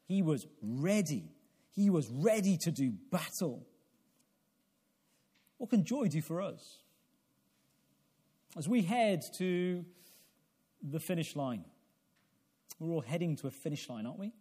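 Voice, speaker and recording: A man delivering a sermon in a warm, mellow voice that sits a little high for a man. He leans on rhetorical questions and pushes to emphatic peaks, stumbling over a repeated word now and then as he restarts. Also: lively intonation, slow, long pauses, breathy edge. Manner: repeats words when restarting. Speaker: preacher. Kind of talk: evening sermon.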